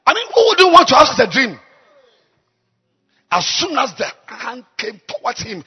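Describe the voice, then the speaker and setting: Raspy high-voiced preacher in a reverberant hall. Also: male voice, huge pitch swings, fairly quick. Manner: swings from low murmurs to high shouts. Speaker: pastor. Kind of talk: sermon.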